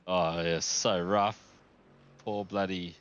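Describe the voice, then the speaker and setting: A man telling stories in casual chat during a sim racing stream, animated and full of swearing. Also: deep voice, slow, lo-fi sound. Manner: animated, profane storyteller.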